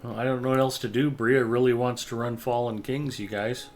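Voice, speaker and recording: A man's voice: mid-range voice, level tone, a little fast, soft background music. Joking middle-aged man hosting a stream. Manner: joking, wry anecdotal storyteller. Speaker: livestream gaming host. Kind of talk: casual chat while gaming.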